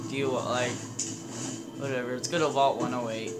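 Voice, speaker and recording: Man, young adult, let's-play commentary, excitable, swearing, game music behind. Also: medium pitch, normal speed. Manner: excitable, swears a lot, talks to companions in game. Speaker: gameplay commentator.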